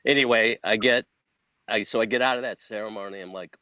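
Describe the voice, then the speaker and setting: Middle-aged male guest, slightly low voice, animated storyteller who acts out dialogue, dull dry audio. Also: fairly quick, no room sound. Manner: earnest, gets emotional. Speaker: podcast guest, cinematographer. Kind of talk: casual storytelling.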